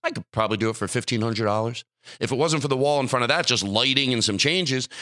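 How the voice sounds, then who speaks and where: A man ranting in casual podcast chat, his voice bright and forceful. He jumps between loud, pitched-up bursts and low grumbled asides, heard close on a dry studio mic with no room sound. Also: quick pace, dry recording. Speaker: podcast host.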